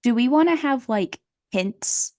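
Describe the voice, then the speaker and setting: A woman's voice: on the high side, expressive, unhurried, a little mellow, dry recording. Young woman cohost, lots of "like"s, kinda giggly, dry close mic. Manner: hesitant, filler-heavy, giggly. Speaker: podcast co-host. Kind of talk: casual chat.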